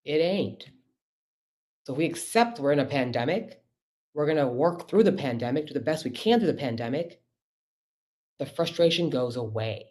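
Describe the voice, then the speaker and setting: A man's voice: on the high side, lively intonation, moderate pace, long pauses, a little mellow. A middle-aged man, a physician, giving a conversational webinar talk over a computer mic, emphatic and often checking in with rhetorical questions.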